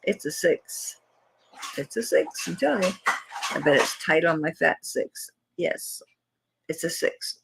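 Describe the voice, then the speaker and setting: A woman's voice: low voice, unhurried, gravelly, background noise. A woman from Florida with a Southern US accent, hosting a live jewelry sale and chatting casually while she rambles and talks to herself as she searches her table. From Tampa, Florida, USA. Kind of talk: casual live-stream selling chat.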